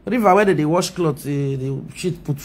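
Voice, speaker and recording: A woman's voice: deep voice, normal speed, a little mellow. A Nigerian woman ranting mockingly on a live video, scolding and laughing often.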